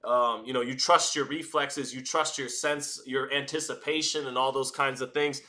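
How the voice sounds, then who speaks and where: A man calling a boxing fight live, chatty and energetic, hosting a watch-party stream and often restarting his phrases. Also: mid-range voice, moderate pace. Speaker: boxing commentator and stream host. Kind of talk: live round-by-round fight commentary.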